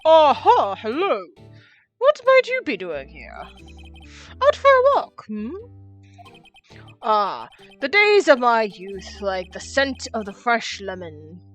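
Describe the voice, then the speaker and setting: A woman voicing a pompous, theatrical old male lawyer who reminisces in drawn-out tones. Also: fairly high pitch, huge pitch swings, highs cut off, faint music behind, heavily acted. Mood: nostalgic.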